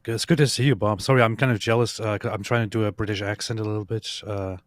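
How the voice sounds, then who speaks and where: A man joining a live stream as a guest, teasing and quick, with stammering fillers. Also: fairly low pitch, steady tone, no echo, studio quality.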